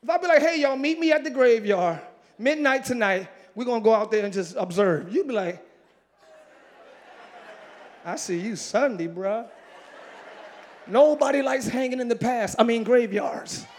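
A man pastor preaching a lively sermon, swinging between loud shouted lines and quiet joking asides with the congregation, breaking into ecstatic exclamations. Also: very high voice, brisk, slight background noise. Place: large church sanctuary with congregation.

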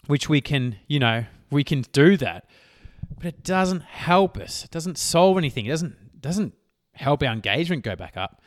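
A man's voice: fairly high pitch, sing-song, measured pace, no echo, studio quality. A man in his thirties, a business coach talking casually and rambling on his podcast, often correcting himself mid-sentence. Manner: rambling, self-correcting, chatty. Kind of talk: solo podcast monologue.

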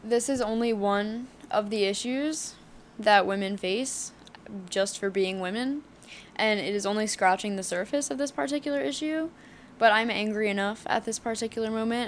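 A young woman in her twenties hosts a solo podcast, speaking at a medium pitch with frank, heated candor. Her talk is loose and full of fillers and swearing, and a faint hiss sits under the recording. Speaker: podcast host.

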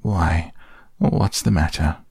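A man voicing a kindly, simple little teddy bear in a storybook reading, gentle and sing-song, his voice gravelly and husky. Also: low-pitched, sing-song, takes it slowly, dry recording, studio quality, exaggerated voice. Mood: puzzled.

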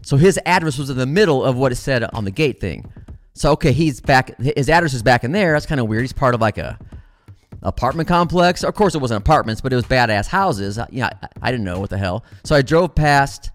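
A middle-aged man telling a story in a casual, animated way, swearing freely and calling his listeners guys. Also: medium pitch, a little fast.

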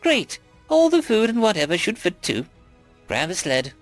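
A man's voice: sits high, huge pitch swings, moderate pace, soft background music, pitched above the performer's own voice. A man voicing an eager green alien crew chief with a chirpy, upbeat manner.

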